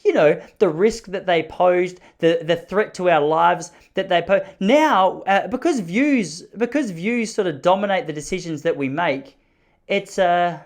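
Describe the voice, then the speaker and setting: An Australian man in his thirties talks through a solo podcast in a loose, rambling way. He riffs wryly and slips into mock dialogue now and then. His voice sits a little higher than most men's. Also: unhurried. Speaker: podcast host. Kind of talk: solo casual monologue.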